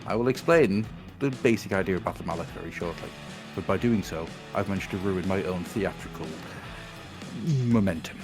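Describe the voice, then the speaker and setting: A man hosts a relaxed podcast conversation, cracking jokes and laughing as he goes. His voice sits low, and soft music plays faintly underneath. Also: fairly quick. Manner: jokey, laughs often, puts on silly voices. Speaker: podcast host. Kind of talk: casual chat.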